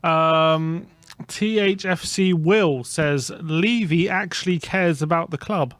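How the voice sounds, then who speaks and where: A man co-hosting a casual football fan show, reading out fan opinions in a relaxed, hesitant way with lots of fillers. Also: fairly high pitch, takes it slowly, dry recording.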